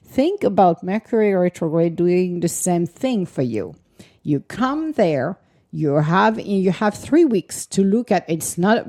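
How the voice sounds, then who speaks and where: A woman with a lowish, slightly mellow voice talks a little slowly but very animatedly about astrology. In a casual spoken explanation she gives earnest advice with repeated emphasis, laughing often and acting out little quoted exchanges.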